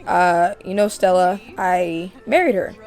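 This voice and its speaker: Woman voicing a jittery young guy producer, stammers a lot, soft. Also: fairly low pitch, measured pace, faint music behind, lightly acted. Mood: nervous. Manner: hesitant, stammering.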